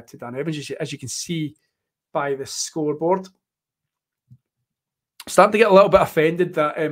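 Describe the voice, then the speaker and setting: A man with a strong Scottish accent chats through a live tennis match as host. His voice sits a touch high, and he jokes and rambles, dotting his play-by-play with ums and asides. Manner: chatty and joking, rambling with fillers. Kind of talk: casual live tennis watchalong commentary.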